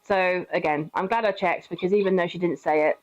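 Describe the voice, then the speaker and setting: A woman's voice: on the low side, fairly quick, highs cut off. A young British woman giving casual, sweary gameplay commentary, chatting, laughing often and cooing at her pet. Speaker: streamer.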